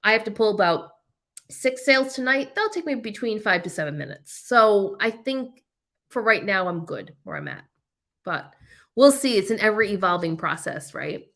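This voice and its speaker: A woman's voice: mid-range voice, big pitch swings, normal speed, a bit bright. A woman hosting a casual reseller livestream, chatting and laughing often with frequent ums as she reads viewer comments. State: coughing, eyes watering. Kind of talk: casual live chat reading viewer comments.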